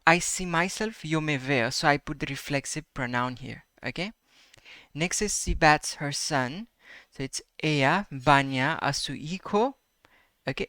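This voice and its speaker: A man teaching a Spanish grammar lesson, his voice bright and forceful and recorded up close with a dry sound. He repeats each example slowly and keeps checking in with "right?" and "okay?". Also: a little high, no echo.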